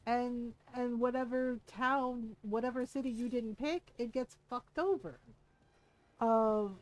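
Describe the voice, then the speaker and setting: A woman's voice: on the high side, measured pace, low-quality recording. A woman streaming a game, chatting casually and animatedly, swearing freely and acting out what her friends said.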